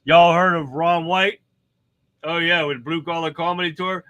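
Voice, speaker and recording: A host introduces clips in a chatty, folksy tone, a little high and bright for a man. The sound is dry and close, with no room around it. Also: fairly even intonation, normal speed, clean tone, no room sound, dull audio. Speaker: host of a political talk show. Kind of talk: casual show commentary.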